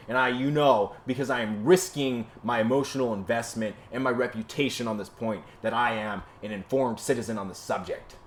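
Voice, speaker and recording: A man hosting his own show, delivering a heated, profane rant to a camera, swinging from shouting to low muttering. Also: a little hiss or hum. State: sweaty from exertion. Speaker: podcast host. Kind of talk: solo ranting commentary to camera. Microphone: camera mic.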